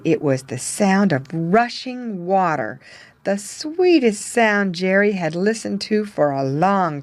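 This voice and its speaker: A woman reading a children's animal story aloud in clear, measured narration. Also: medium pitch, no room sound.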